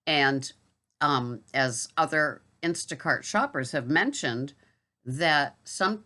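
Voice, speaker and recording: Chatty low-voiced woman with a bright edge. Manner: chatty and rambling, with asides and fillers. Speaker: grocery delivery shopper. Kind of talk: casual vlog monologue.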